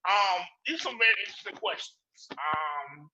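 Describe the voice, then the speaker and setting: A man's voice: on the high side, animated, fairly quick, sharp tone, slight background noise. A man hosting an interview show, emphatic and given to echoing his guest's words back. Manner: emphatic, repeats what the guest says. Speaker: show host. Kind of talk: interview talk.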